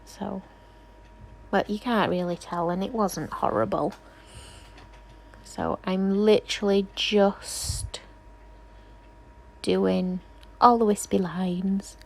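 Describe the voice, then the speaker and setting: A woman's voice: mid-range voice, fairly even intonation, slow, gravelly, pauses often. A woman nail technician doing a casual, rambling tutorial voice-over, chatty and self-deprecating, often apologizing.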